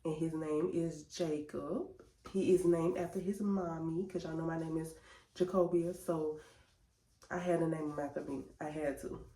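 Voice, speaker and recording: A woman telling a chatty, animated story to her viewers. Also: sits low, normal speed. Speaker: vlogger. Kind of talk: casual storytelling vlog. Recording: roomy echo.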